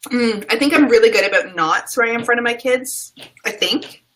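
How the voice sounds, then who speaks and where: A woman's voice: fairly high pitch, a little fast, a bit bright, low-quality recording. A woman in her thirties hosting a casual live video chat from home, chatty and laughing often, heard over a webcam call. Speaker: host. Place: home, sheet hung behind her.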